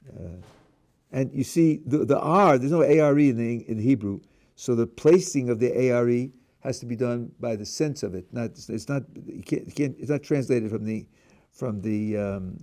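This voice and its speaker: This is a middle-aged rabbi lecturing on prayer, his medium-pitched voice dark in tone. He goes through the ideas one step at a time, puts questions to the class, and keeps restarting words.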